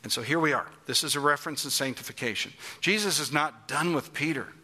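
Bright-voiced male preacher. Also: a little high, brisk. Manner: emphatic, asks the congregation questions. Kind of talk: sermon.

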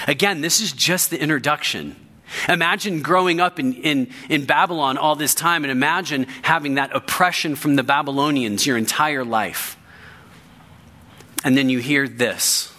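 Bright-voiced man preaching a sermon. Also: fairly high pitch, moderate pace. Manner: emphatic, repeats key phrases for weight. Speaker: pastor.

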